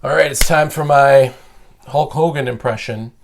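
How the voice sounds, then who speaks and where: A man's voice: mid-range voice, moderate pace, creaky, crowd noise. A man talking as a podcast guest in casual chat, blunt, profane and opinionated.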